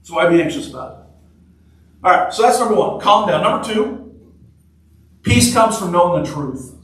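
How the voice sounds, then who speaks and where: A man's voice: high-pitched, lively intonation, moderate pace, fairly bright tone. A man preaching a sermon in a conversational, joking way, repeating short phrases for emphasis. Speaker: pastor. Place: church sanctuary. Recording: echoey church hall from far off.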